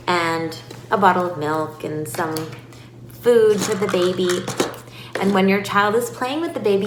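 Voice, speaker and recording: A woman speech-language pathologist giving calm, clear instructions to parents and breaking into lively demonstrations now and then. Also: mid-range voice. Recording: echoey room with faint noise.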